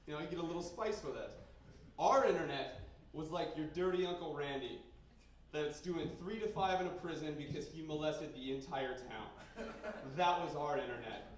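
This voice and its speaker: A young man from Canada doing a crude, rambling stand-up set in a basement bar, with sudden loud outbursts. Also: on the high side, normal speed, slight background noise. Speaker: stand-up comedian. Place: basement bar comedy night. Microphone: handheld stage mic recorded by a camera in the room. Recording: very echoey basement room, heard from a distance.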